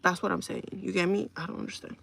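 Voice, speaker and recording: A woman's voice: on the low side, fairly even intonation, fast talker, vocal fry, fairly bright tone, slightly rough. A woman live streaming, telling a long exasperated story to her viewers and checking in with them as she vents. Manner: exasperated, venting with repeated asides to the audience. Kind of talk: casual storytelling rant to viewers.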